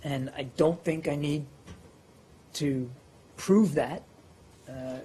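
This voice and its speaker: A man's voice: a little high, slow, mellow, a little hiss or hum. A man briefing reporters as a government spokesperson, answering questions with many fillers and restarts.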